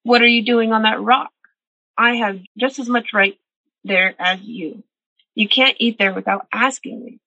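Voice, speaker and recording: A woman voicing a jealous, angry little male ant chief who shouts his demands in a husky, bright voice. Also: a little high, a little slow, no room sound, lo-fi sound, exaggerated voice.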